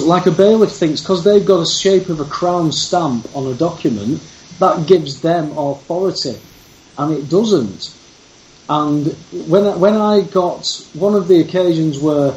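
A man's voice: on the high side, darkish tone, a little hiss or hum. A man in casual conversation, emphatic, telling his story. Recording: roomy, dull lo-fi sound with faint background.

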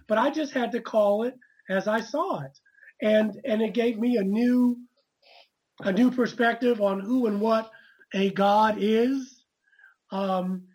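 A woman's voice: a little high, darkish tone, slightly rough, rough recording. A woman author as an interview guest, earnest and reflective, often stammering on her first words. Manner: earnest, repetitive stammering starts. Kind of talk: conversational interview.

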